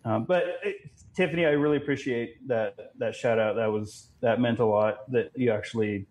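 A young man and father, a podcast guest, talking casually in halting sentences. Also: mid-range voice, a little mellow. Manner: halting, full of fillers and restarts.

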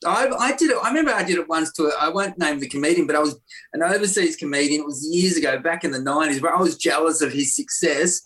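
A man's voice: fairly high pitch, fast, fairly bright tone. A man, a comedian swapping bawdy stories in casual chat and laughing often.

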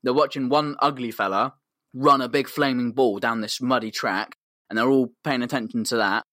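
A man's voice: medium pitch, fairly even intonation, moderate pace, a bit bright, dry recording, clean studio sound. A man co-hosting a podcast, telling a comic story in a rambling, slangy, sweary way. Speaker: podcast co-host.

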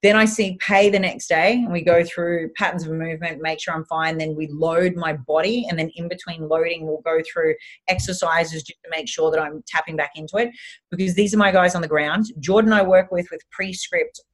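Lively Australian woman, lower voice. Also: brisk. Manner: animated, chatty storyteller who swears casually. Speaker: guest. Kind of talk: casual podcast interview.

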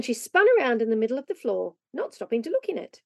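A woman reads a storybook aloud with lively, expressive narration. Her voice is fairly high and moves a lot. It is recorded dry and close. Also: quick pace, gravelly, no room sound. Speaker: reader.

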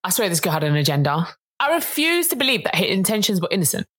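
Woman, podcast co-host, casual chat, lively swooping pitch, outspoken, dry close sound. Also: fast, slightly rough, dry recording. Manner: animated, indignant, teasing.

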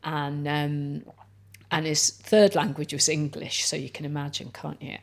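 Low-voiced woman telling stories. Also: monotone, a little slow, vocal fry. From North Wales. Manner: chatty storyteller, lots of "like" and "you know". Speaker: guest. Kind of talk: casual chat over lunch.

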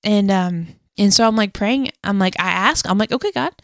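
A woman's voice: medium pitch, moderate pace, no room sound, clean studio sound. A woman co-hosting a casual faith podcast, telling a story in a chatty, rambling way full of "like" and self-deprecating laughs. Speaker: podcast co-host.

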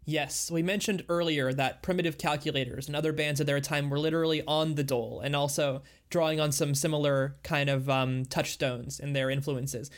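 A man's voice: fairly high pitch, steady tone, normal speed, hardly any pauses. Thoughtful man co-hosting a music podcast. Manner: thoughtful, explains songs at length. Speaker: podcast co-host. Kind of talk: casual music podcast chat.

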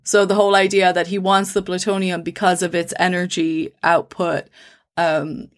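A woman co-hosts a casual chat, walking through science in long explanations. Her voice sits a little low, and she restarts her sentences often as she works out each point. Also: little pitch movement, moderate pace. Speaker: podcast co-host.

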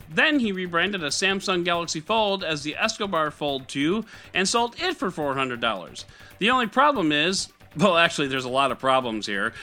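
A man hosts a tech news podcast in a wry, sarcastic tone, his read full of animation. His voice sits fairly high and sounds very bright, with big swings in pitch. Faint music plays underneath. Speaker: podcast host.

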